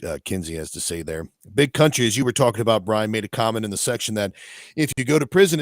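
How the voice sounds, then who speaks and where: A man co-hosting a talk radio show, reading listener comments and reacting with mock shouting. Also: mid-range voice, no echo. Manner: animated, reads comments aloud with mock shouting. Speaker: radio co-host.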